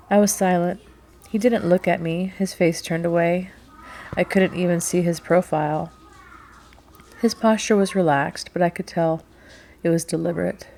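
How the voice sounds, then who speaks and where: A woman narrating a first-person novel as an audiobook, in a measured, quiet storytelling manner. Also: lowish voice, fairly even intonation, creaky, a little hiss or hum.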